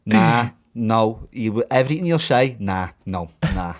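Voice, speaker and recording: A man's voice: medium pitch, big pitch swings, a little slow. A young man hosting a casual podcast, blunt and sweary, calling everyone "lad". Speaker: podcast host and fighter. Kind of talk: casual sporty banter. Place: indoor podcast studio.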